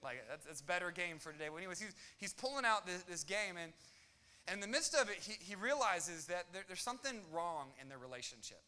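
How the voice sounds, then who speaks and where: A young male pastor preaching with a bright, forceful tone and a slightly high voice. He jokes, tosses in quick asides and acts out quotes with lots of energy. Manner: animated, joking, quick asides and acted quotes. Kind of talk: sermon.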